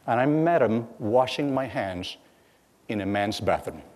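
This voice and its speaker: A man's voice: medium pitch, expressive, darkish tone. Middle-aged guy telling stories at a lecture, keeps restarting sentences, big echoey hall. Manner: halting, repeats words, acts out dialogue. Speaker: guest speaker. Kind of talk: lecture storytelling. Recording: long hall reverb.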